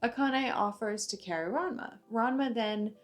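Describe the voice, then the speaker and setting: A woman's voice: a little high, moderate pace, faint music behind. A young woman casually recapping an anime episode, chatty and full of fillers like "like" and "uh". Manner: chatty, uses many fillers like "like" and "uh". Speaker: anime reviewer.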